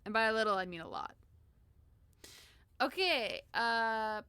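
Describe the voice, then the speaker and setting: A chatty woman streamer with a bright, forceful, fairly high voice, commenting casually on a game and giggling often. Her voice is dry and close to the mic. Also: expressive, unhurried, clean tone, dry recording.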